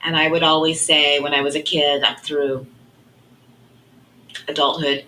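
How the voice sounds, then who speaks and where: Earnest woman with a low, bright voice. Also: flat delivery, a little slow, long pauses, slight background noise, poor audio. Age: middle-aged. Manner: earnest, reflective, softly trailing off. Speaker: guest sharing her testimony. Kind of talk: personal faith testimony.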